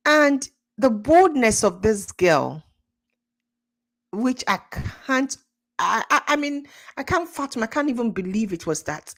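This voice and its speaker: A woman's voice: a little high, big pitch swings, unhurried. A young adult woman with a Nigerian accent, commenting indignantly on social media news in a casual chat, laughing now and then. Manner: indignant, exclaiming, laughs often. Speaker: commentary channel host.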